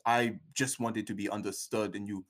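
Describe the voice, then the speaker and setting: A man's voice: lowish voice, fairly even intonation, normal speed, natural voice. A man voicing a male zoo monkey who talks in broken, clipped street grammar. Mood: earnest. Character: gruff male zoo monkey, touchy then grateful.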